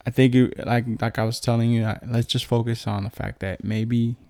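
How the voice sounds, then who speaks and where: A man co-hosting a vlog with his wife, speaking in a halting, reassuring way with frequent restarts. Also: medium pitch, flat delivery, darkish tone, no room sound, studio quality. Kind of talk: supportive casual chat.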